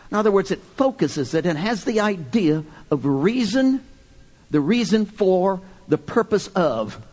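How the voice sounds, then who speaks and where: A man preaching a sermon, driving his points home with rhetorical questions and swinging from loud emphatic bursts to quiet, hushed lines. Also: high voice.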